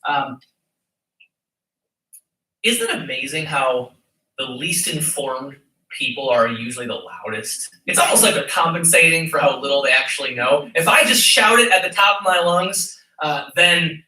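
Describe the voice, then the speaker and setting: A man's voice: on the high side, normal speed, pushed and bright, far from the mic. A man preaching a sermon as pastor, emphatic and with a dramatic, mocking tone when quoting. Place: church sanctuary. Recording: echoey church hall, voice from off-mic.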